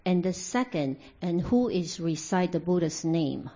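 A woman with a dark, mellow voice renders a meditation teaching into English, stopping often to search for words. The sound is dull and lo-fi. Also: on the low side, lively intonation, unhurried. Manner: hesitant, many fillers and restarts. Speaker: interpreter. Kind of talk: consecutive interpreting of a dharma talk. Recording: dull lo-fi recording.

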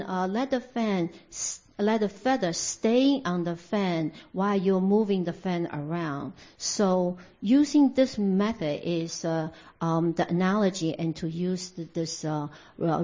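A woman with a dark, mellow voice renders a meditation teaching into English, stopping often to search for words. The sound is dull and lo-fi. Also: fairly low pitch. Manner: hesitant, many fillers and restarts. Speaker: interpreter. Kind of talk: consecutive interpreting of a dharma talk. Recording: dull lo-fi recording.

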